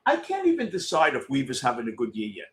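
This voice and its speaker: A middle-aged man running a postgame show speaks quickly in a mid-range voice. He's casual with viewers and reacts to the live game bluntly and excitably, swearing freely throughout.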